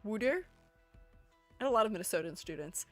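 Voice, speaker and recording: A woman's voice: on the high side, very animated, moderate pace, a bit bright, faint music behind. A woman streamer in casual livestream chat, playful and chatty, reading her viewers' messages aloud and answering them. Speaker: streamer ranking game character designs.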